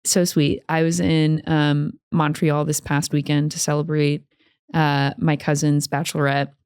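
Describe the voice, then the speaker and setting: Laughing woman, low dry voice. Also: flat delivery, unhurried, darkish tone, clear, resonant tone, no room sound. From United States. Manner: chatty storyteller, laughs often, acts out quoted lines. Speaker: podcast co-host. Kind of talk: casual podcast chat.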